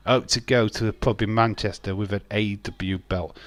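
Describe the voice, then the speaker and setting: A man's voice: lowish voice, fairly even intonation, normal speed, hardly any pauses, no echo. Man, casual live-stream chatter, rambling, jokey, dry close mic. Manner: rambling, jokey, reads chat aloud. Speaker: watch-along streamer.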